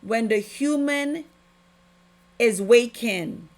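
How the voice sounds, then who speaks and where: A woman's voice: on the high side, takes it slowly. A woman hosting a podcast, giving an impassioned, preachy spiritual testimony with heavy emphasis. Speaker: podcast host.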